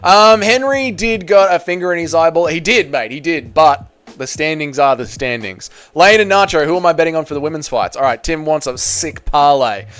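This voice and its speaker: A man's voice: fairly high pitch, expressive, normal speed, fairly bright tone, clean tone. A young man, chatting casually on a live stream, reading viewers' messages aloud and answering them.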